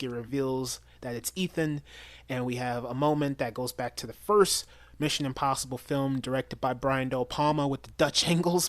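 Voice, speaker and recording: A man's voice: medium pitch, no echo. Chatty male film reviewer, eager and rambling, recorded dry and close. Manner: chatty, enthusiastic, with frequent restarts and quoted lines. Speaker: movie reviewer. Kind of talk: casual spoken film review.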